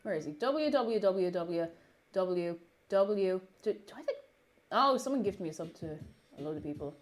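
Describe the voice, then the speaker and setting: A woman's voice: mid-range voice, expressive, moderate pace. A young woman chatting casually on a live stream, reading chat aloud and talking with her mouth full. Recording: faint music behind.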